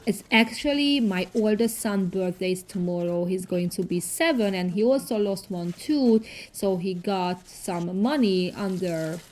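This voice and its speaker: A woman in her thirties with a foreign accent, narrating her cleaning vlog in a casual voice-over with halting, non-native phrasing and many fillers. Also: medium pitch, a little mellow. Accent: foreign accent in English. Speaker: cleaning vlogger.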